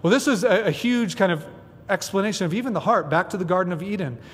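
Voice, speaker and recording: A man's voice: sits high, quick pace, breathy edge, in a large hall. A man preaching a sermon as pastor, chatty and conversational with frequent asides. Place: church sanctuary.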